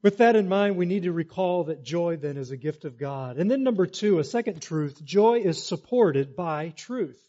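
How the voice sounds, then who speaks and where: A man's voice: high-pitched, animated, brisk, hardly any pauses, mellow, dull audio. A man preaching a sermon, repeating key phrases for emphasis and leading the congregation to say them back. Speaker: pastor.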